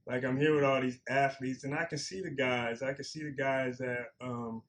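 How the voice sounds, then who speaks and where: A man's voice: mid-range voice, fairly even intonation, moderate pace, a bit bright. A man in his forties, a former pro football player, talking earnestly and plainly as a guest, repeating himself for emphasis. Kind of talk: reflective interview talk.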